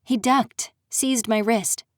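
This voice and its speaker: A woman narrating a first-person dark fantasy audiobook in a steady, dramatic storytelling manner. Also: on the high side, slow, dry recording, clean studio sound.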